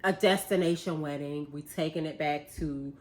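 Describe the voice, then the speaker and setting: A young woman, casually telling a story, animated and laughing as she acts out what people said. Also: low voice, moderate pace. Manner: animated, laughing retelling with quoted voices. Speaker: vlogger, bride-to-be.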